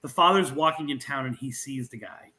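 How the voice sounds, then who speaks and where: A man's voice: medium pitch, a little fast, low-quality recording. A man, a guest author and researcher, telling a local legend in an interview with restarts and fillers as he goes. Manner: animated storyteller with frequent restarts and fillers.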